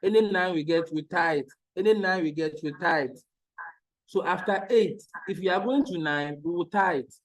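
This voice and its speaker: In an online maths lesson, a man patiently repeats each step and checks that students are following. His voice sits high and moves at a moderate pace, on a rough recording.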